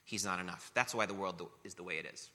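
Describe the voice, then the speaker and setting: Male pastor, sermon, fairly low voice with a very sharp, forceful edge. Earnest, repeats for emphasis, long hall reverb. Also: fast. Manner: earnest, rhetorical questions, repetition for emphasis.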